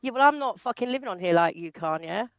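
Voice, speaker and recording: A woman's voice: medium pitch, animated, fast talker. Sweary combative woman. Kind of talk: heated argument on a livestream.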